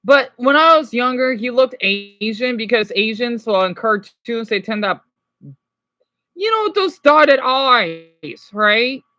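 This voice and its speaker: Lively, excitable woman gaming commentator. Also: a little high, slow pace, dry recording. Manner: rambling, excitable, talks to viewers. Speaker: gameplay commentator. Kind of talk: casual gameplay commentary.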